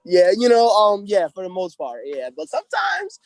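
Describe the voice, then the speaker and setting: A man's voice: high voice, expressive, moderate pace, darkish tone. A man in his twenties from the United States, a guest on a podcast, chatting casually in slang with many restarts. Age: 20s. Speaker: guest, pro fighter. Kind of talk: casual interview chat.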